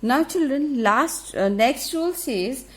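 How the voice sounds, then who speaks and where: Lady teacher, slow and repetitive, keeps asking the kids if it's clear. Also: sits high, lively intonation. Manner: slow, repetitive explaining with frequent check questions. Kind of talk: grammar lesson for children.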